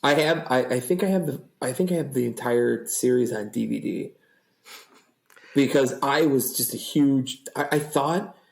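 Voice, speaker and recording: A man's voice: medium pitch, normal speed, creaky, echoey room, rough recording. A man in his thirties, a podcast guest in a rambling, laughing casual chat.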